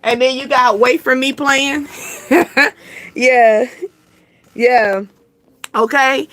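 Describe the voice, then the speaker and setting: A woman's voice: high-pitched, fairly even intonation, drawn-out words, a bit bright, dry recording. A woman hosting a casual live reading, rambling chattily and answering comments from her chat. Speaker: channel host giving intuitive readings.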